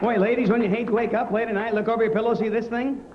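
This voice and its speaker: A man doing stand-up comedy, animated and acting out silly impressions. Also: very high voice, racing, noisy background. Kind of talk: stand-up joke telling. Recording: dull 90s TV broadcast with loud crowd.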